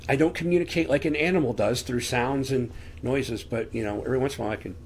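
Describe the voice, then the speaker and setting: Talking fast in a mid-range voice, with slight background noise, a man offers an earnest, conversational Bible teaching at home. He uses a desk microphone on camera and asks rhetorical questions.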